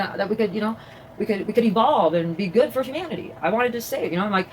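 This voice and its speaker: A woman's voice: on the high side, a little hiss or hum, low-quality recording. A woman vlogging casually from her home, chatting in a rambling way with many fillers and restarts. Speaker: vlogger and crafter. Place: at home, indoors.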